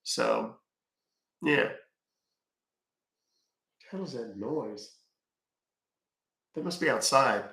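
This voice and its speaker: A man's voice: mid-range voice, lively intonation, slow, long pauses, bright, forceful tone, echoey room. A man hosting a casual live stream from home, rambling, thanking viewers by name and swearing offhand. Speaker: live-stream scambaiter host.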